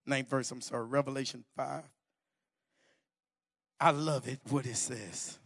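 A man's voice: mid-range voice, fairly even intonation, unhurried, gravelly, a bit bright, slightly rough, clean studio sound. A middle-aged man preaching a sermon in a church hall, talking in a folksy, emphatic way. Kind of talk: sermon with personal testimony.

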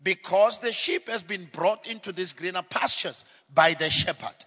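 A man preaching a sermon in a dramatic style, acting out scenes and building to shouted refrains. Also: sits high, moderate pace. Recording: long hall reverb.

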